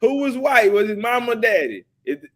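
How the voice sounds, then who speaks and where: A man's voice: very high-pitched, big pitch swings, a little fast, over a noisy crowd. A male show host in a heated debate, arguing hard, talking over his guest in slangy speech. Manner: argumentative, talks over the other man, slangy.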